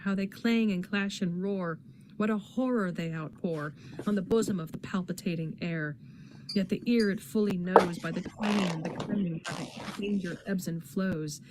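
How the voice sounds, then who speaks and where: A woman reading poetry aloud in a dramatic, expressive recitation. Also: on the low side, slight background noise. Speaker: poetry reader in a readathon.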